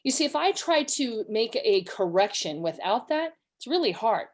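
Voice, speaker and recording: A woman's voice: on the high side, sing-song, normal speed. A woman from California giving a conversational online webinar, telling stories and acting out quoted voices. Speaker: webinar presenter.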